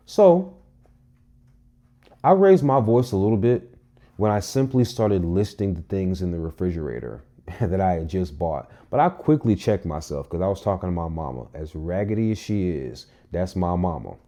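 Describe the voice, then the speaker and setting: A young adult man vlogging a casual storytime monologue, animated and emphatic, with frequent profanity. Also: low voice.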